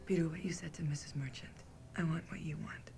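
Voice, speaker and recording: A hesitant woman agent, gravelly. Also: low voice, fairly even intonation, fairly quick. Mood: tentative. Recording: TV clip with loud noise.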